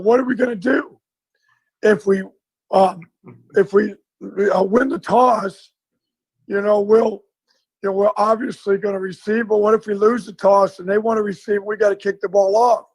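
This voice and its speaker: A man, a former football coach, telling a lively story in a casual interview and acting out the dialogue. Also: high voice, normal speed, no room sound, low-quality recording. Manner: animated storyteller, acts out dialogue.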